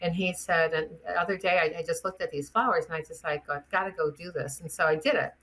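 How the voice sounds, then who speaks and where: A woman's voice: on the low side, quick pace. Chatty middle-aged woman telling stories. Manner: chatty, animated storyteller acting out quotes. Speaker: guest chiropractor. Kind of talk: casual interview storytelling.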